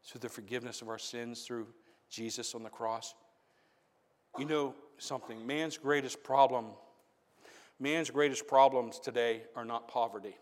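A man preaching a sermon in a church, swinging from hushed questions to loud shouted appeals. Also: medium pitch, steady tone, moderate pace, big-room sound. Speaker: pastor. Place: church sanctuary.

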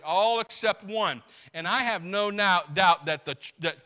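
A man's voice: sits high, sharp tone. A man preaching a sermon as pastor, emphatic and repeating his key phrases, now and then acting out the people in his stories.

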